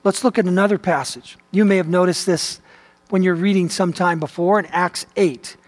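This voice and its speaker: High-voiced preacher in a reverberant hall. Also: male voice, steady tone, normal speed. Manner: preacherly, reads quotations aloud with emphasis. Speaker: pastor. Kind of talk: sermon teaching.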